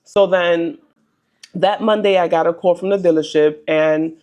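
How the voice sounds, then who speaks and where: A woman's voice: on the low side, fairly even intonation, a little slow, darkish tone. A young adult woman sharing a personal faith testimony in a casual, earnest, chatty way, with frequent ums and likes.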